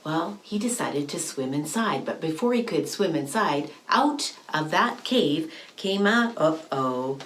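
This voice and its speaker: Animated woman telling a children's story. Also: low-pitched, unhurried, few pauses. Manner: animated, with whispers and sound effects. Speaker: library storyteller.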